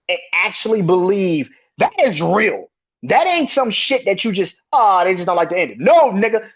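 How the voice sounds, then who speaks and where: A man hosts his own podcast and rants, exasperated and profane, circling back over the same points. His voice is husky, and his pitch leaps up and down. The recording sounds dull and lo-fi. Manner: profane, exasperated, repeats himself. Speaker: podcast host. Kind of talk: heated wrestling rant.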